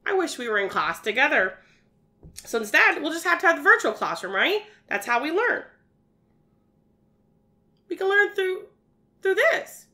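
A woman's voice: high voice, big pitch swings, normal speed, long pauses, pushed and bright. A woman teaching a virtual preschool science lesson, asking young children lots of questions and praising their answers in a sing-song teacher manner.

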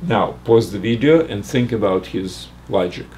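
An older man teaching math, working slowly through a logic puzzle aloud with frequent restarts. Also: lowish voice, expressive, darkish tone, slight background noise. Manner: halting, restarts and fillers while reasoning aloud. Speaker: math lecturer.

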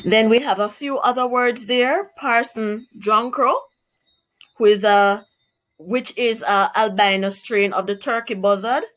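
A woman teacher with a Jamaican accent who reads a children's story aloud and then explains words clearly and carefully. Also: fairly high pitch, steady tone, a little slow, a bit bright. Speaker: primary school teacher. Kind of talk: children's read-aloud and vocabulary lesson.

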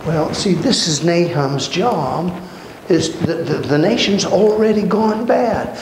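A man teaching a Bible study, telling the stories with lively acted-out dialogue. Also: high voice, slow. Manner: animated storytelling, acting out dialogue in voices. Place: church hall. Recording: echoey room with background noise.

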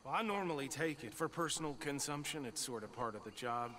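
A man's voice: mid-range voice, animated, a little fast, noisy background, lightly acted. An actor playing a coarse, scornful frontier lawman in a western video game, with a drawling, insulting manner. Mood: wry.

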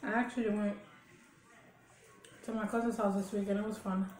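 A woman's voice: medium pitch, level tone, normal speed, a little mellow, slight background noise. A woman telling stories casually while she eats for a mukbang video, with frequent laughs. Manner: chatty storytelling with laughs and chewing sounds. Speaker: mukbang vlogger. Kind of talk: casual chat while eating. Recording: echoey room.

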